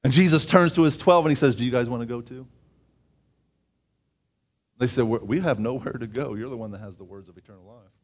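A man preaching a sermon, reading scripture aloud with asides and often rising in pitch and volume for emphasis. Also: a little fast, long pauses.

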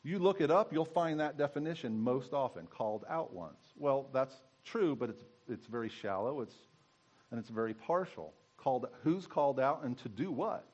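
A man's voice: medium pitch, expressive, normal speed, a little mellow, lo-fi sound. A man giving a conversational sermon as pastor, teaching and asking his congregation questions.

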